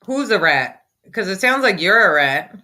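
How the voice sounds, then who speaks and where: Sharp-voiced woman ranting sarcastically. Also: mid-range voice, sing-song, normal speed. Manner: mocking, sarcastic, combative ranting. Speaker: commentary host. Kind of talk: reaction commentary over a played clip.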